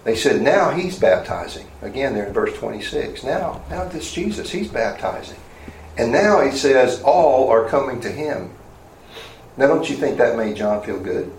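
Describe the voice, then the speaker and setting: A man giving a sermon as pastor, conversational and plain, often pausing on fillers and asking rhetorical questions. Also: mid-range voice, a little mellow, reverberant, a little hiss or hum, rough recording.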